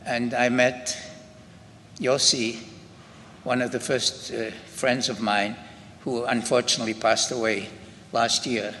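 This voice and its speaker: Older scottish guy telling his story slow, lots of pauses, bright voice, echoey hall with faint noise. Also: mid-range voice. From Scotland. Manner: slow, halting storytelling with many pauses and restarts. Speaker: Holocaust survivor giving testimony. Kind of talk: spoken testimony to an audience. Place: synagogue hall.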